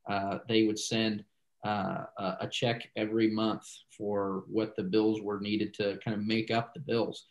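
Low-voiced pastor telling a story. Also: male voice, flat delivery, measured pace, muffled recording. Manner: rambling, many "you know" asides, acts out quoted dialogue. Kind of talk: casual interview storytelling.

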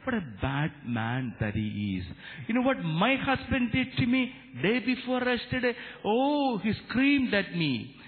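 A man voicing an indignant, gossipy middle-aged housewife in a high, whiny, exclaiming voice, heard through a tinny narrow line in an echoey hall. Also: sing-song, unhurried. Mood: gossiping.

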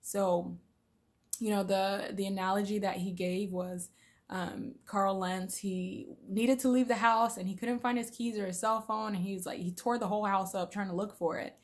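A woman speaks to her viewers in an earnest, heartfelt way, with many fillers and small laughs. She is emotional and close to tears, and her voice sits at an ordinary middle pitch. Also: steady tone, moderate pace. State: tearful. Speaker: Christian vlogger. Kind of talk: informal devotional talk and prayer.

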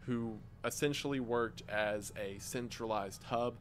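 A man's voice: mid-range voice, a little slow, a little hiss or hum. A man narrating an explainer video in a scripted, explanatory way with dry, wry asides.

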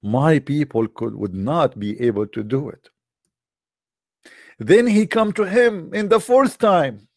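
A man's voice: on the high side, expressive, takes it slowly, a little mellow, dry recording, studio quality. Sarcastic man firing rhetorical questions. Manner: non-native broken English grammar. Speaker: religious debater. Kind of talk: live-streamed polemic talk.

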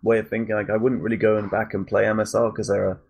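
A man's voice: on the low side, flat delivery, fast, darkish tone, slight background noise. A man co-hosting a podcast in casual chat, telling stories with constant fillers. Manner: anecdotal, heavy use of fillers like "like". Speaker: podcast co-host.

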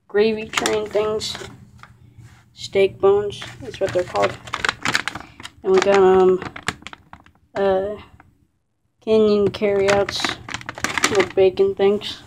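Casual female vlogger at home, mid-pitched and rambling, filmed on a handheld camera. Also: background noise. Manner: chatty, rambling, breaks off to scold the dog loudly. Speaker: vlogger showing her dog. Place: living room of a house. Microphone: handheld camera, filmed one-handed.

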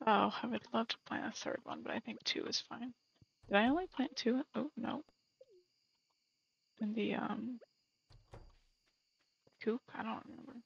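A woman's voice: fairly high pitch, creaky, fairly bright tone, slightly rough. A woman streaming a game, chatting casually and muttering to herself, sometimes dropping to a whisper. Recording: slightly muffled lo-fi stream audio. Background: faint game music.

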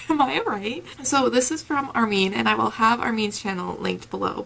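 A woman's voice: fairly high pitch, very animated, normal speed, gravelly, hardly any pauses, a bit bright, breathy edge. A young woman chatting casually in a reading vlog from home, giggly and gushing, on a camera mic. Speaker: book vlogger.

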